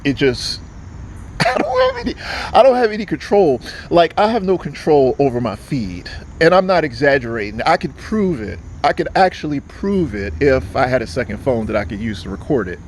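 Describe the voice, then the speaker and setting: A man's voice: mid-range voice, a little mellow, a little hiss or hum. A man vlogging outdoors in an agitated, profane, rambling way. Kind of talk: casual rambling monologue.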